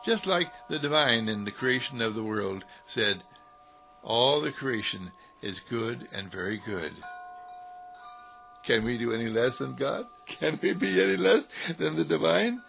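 A man's voice: medium pitch, lively intonation, unhurried, gravelly, fairly bright tone. A man giving an inspirational sermon with a repetitive, sing-song cadence, chuckling between phrases. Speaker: spiritual speaker. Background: faint music.

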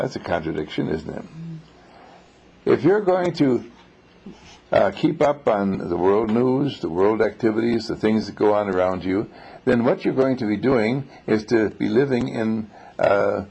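A man's voice: on the low side, expressive, measured pace, gravelly, darkish tone, breathy edge, rough recording. A man teaching a small class on spiritual matters, telling stories and posing rhetorical questions.

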